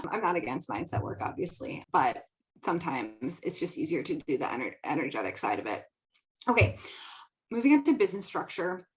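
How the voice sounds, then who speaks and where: A woman's voice: low-pitched, very animated, normal speed. A young adult woman hosting her own podcast, chatting casually and laughing often, with lots of "like". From American Midwest. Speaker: podcast host and business coach. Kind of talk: casual solo talk.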